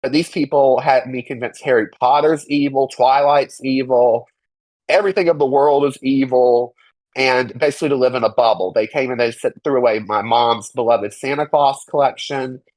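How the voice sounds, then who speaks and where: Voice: medium pitch, steady tone, normal speed, a little mellow, no room sound, low-quality recording. A young adult interview guest giving emphatic, indignant personal testimony, swearing freely and mocking others in quoted voices.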